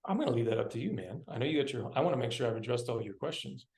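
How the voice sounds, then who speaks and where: A male actor telling travel stories as a guest on a video-call interview, animated and full of slang. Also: medium pitch, very fast, vocal fry, echoey room. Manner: animated, laughing, dude-and-bro slang. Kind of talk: casual storytelling interview.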